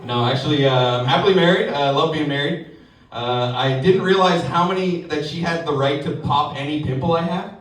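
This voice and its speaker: A young man doing a stand-up comedy set, telling stories with animated delivery and acting out other people's voices. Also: on the high side, a little fast. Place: comedy club stage. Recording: echoey club mic with crowd laughter, from far off. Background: audience laughing.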